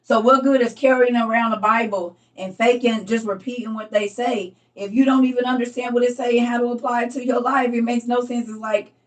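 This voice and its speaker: A middle-aged woman hosting a casual Bible study livestream, chatty and teasing, laughing often. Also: fairly high pitch. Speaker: livestream host. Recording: voice from a distance from the mic.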